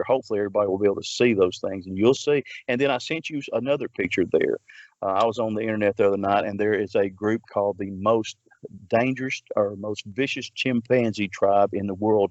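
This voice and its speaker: A man's voice: lowish voice, a little mellow, dry recording, lo-fi sound. A man, a Bigfoot researcher, telling a long story in a rambling way, full of restarts and filler words. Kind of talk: casual storytelling.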